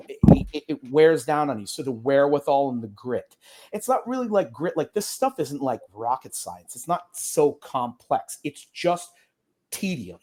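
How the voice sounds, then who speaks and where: A man's voice: mid-range voice, darkish tone. A man, an attorney guest on an interview podcast, talking casually in a rambling way with many fillers and restarts.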